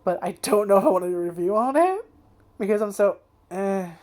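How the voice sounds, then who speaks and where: A woman's voice: mid-range voice, animated, brisk, a little mellow. A woman chatting casually at home as an anime vlogger, rambling, trailing off and swearing often. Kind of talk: casual chat. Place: home, indoors.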